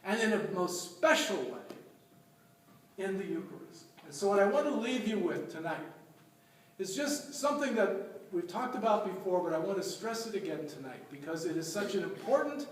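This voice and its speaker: A man with a high voice gives a storytelling homily as a deacon. He is recorded from a distance in a church, and his voice carries a heavy echo. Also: sing-song, moderate pace, a little hiss or hum. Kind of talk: sermon. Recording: echoey church from far off.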